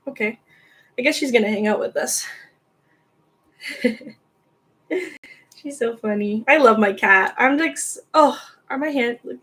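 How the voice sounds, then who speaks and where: A young woman hosting a knitting livestream, chatting casually and giggling, cooing baby talk at her cat. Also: a little high.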